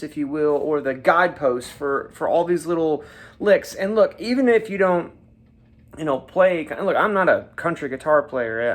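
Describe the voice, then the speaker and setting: High-voiced man teaching guitar casually. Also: a bit bright. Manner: folksy and chatty, checks in often with "right?". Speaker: guitar teacher and show host. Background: his own guitar playing.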